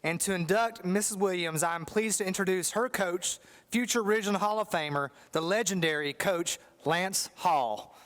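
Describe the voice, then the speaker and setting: A man acts as emcee at an awards ceremony and introduces each honoree in a formal, announcing manner. His voice sits high for a man. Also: moderate pace, a bit bright.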